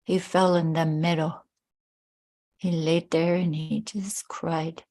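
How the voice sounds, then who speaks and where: A woman storyteller telling a traditional tale, slow and unhurried. Her voice sits low and mellow, and she talks conversationally, turning to her listeners with asides. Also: flat delivery.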